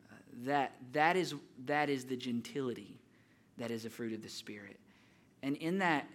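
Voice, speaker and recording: A young man preaching a sermon as pastor, telling a story earnestly with restarts, rising in energy and then dropping soft. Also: medium pitch. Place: church.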